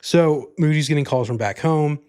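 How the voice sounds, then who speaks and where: A man's voice: fairly high pitch, moderate pace, darkish tone, clear, resonant tone. A man hosting a podcast, giving a casual movie review in a rambling, profane way, full of "like" and "you know". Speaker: podcast host.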